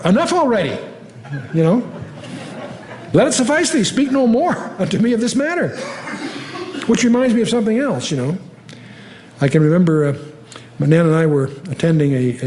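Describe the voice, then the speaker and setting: An older man teaching the Bible verse by verse in a conversational way, often pausing with fillers and lifting his voice to read scripture aloud. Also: fairly high pitch, warm tone, slight background noise. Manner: conversational, reads scripture aloud with rising emphasis, frequent fillers.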